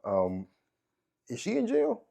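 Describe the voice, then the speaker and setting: A man's voice: sits high, huge pitch swings, slow pace, gravelly, dark tone. A man hosting a podcast who mostly reacts with short interjections and questions. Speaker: podcast host. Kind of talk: casual interview chat.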